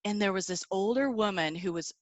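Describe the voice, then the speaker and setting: A middle-aged woman from the Seattle area, a guest musician, telling stories in a chatty, animated way and laughing often. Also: medium pitch, brisk, no echo. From Seattle area, USA. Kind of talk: casual interview storytelling.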